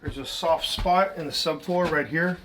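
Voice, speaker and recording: A man's voice: on the high side, normal speed, a bit bright. Man listing house repairs, matter-of-fact. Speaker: property manager doing a walkthrough. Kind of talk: casual spoken inspection notes. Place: outdoors around a house and yard, then indoors. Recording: faint background noise.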